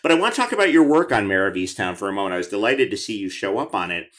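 Low-voiced male interviewer, chatty. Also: sing-song, very fast, a bit bright. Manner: chatty, enthusiastic, many restarts. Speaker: podcast host. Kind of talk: conversational interview.

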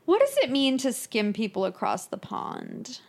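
A woman co-hosting a casual chat podcast, excitable and quick to act out the scenes she loves. Her voice sits a little high. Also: gravelly. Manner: excitable, acts out lines from the show. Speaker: podcast co-host. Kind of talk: casual chat recapping a sitcom episode.

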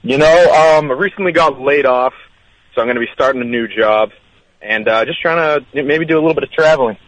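A man's voice: mid-range voice, a little fast, a bit bright, dry recording, low-quality recording. A man calling in to a radio show, chatting casually and hesitantly with lots of fillers. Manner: laid-back, hesitant with fillers. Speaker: caller. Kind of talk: casual phone-in chat.

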